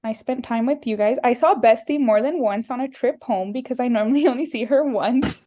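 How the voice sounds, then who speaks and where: Chatty young woman, slightly high voice. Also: a little fast, warm tone. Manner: chatty storytelling, laughing often. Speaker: podcast host. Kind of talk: casual chat.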